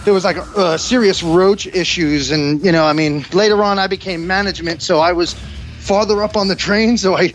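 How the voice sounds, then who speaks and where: High-voiced New York guy, rambling. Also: moderate pace, soft background music. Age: 40s. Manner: rambling, laid-back, lots of "dude" and "like". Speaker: podcast guest, musician. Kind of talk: casual chat. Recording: dull dry lo-fi sound.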